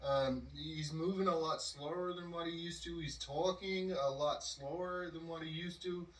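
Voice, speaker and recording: Speaking at a normal speed with fairly even intonation, a podcast host with a slightly high, bright voice shares a casual story. He rambles with many fillers and acted quotes, and the mic sits far away in a roomy space.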